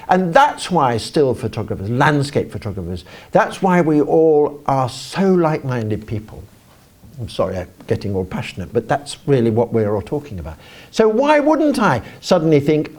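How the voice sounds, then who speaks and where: Animated older Englishman giving a talk. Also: medium pitch, normal speed. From England. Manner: animated, self-deprecating, rambling with restarts. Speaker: conference speaker. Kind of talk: live talk to an audience. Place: conference auditorium.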